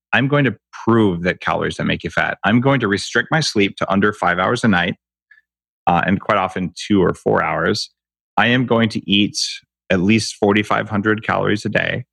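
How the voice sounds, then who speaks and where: Low gravelly man, emphatic. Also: normal speed, fairly bright tone, no room sound. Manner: emphatic, rants with rhetorical questions. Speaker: guest expert on health. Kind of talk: animated interview talk.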